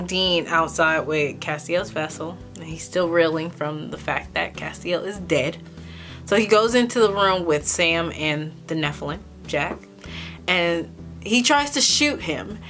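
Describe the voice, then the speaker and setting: A young woman hosts her own channel and recaps an episode in a loose, animated chat. She swears freely and exclaims often. Her voice sits on the low side, and faint music plays behind her. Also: a little slow. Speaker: vlog host. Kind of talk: casual profane TV recap.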